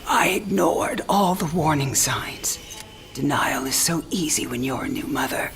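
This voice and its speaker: A dying mother in her sixties with a low, dusky voice. She talks in a breathy, half-whispered way, teasing and frank. This is a video game cinematic. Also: lively intonation, measured pace, soft background music. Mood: tender. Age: 60s.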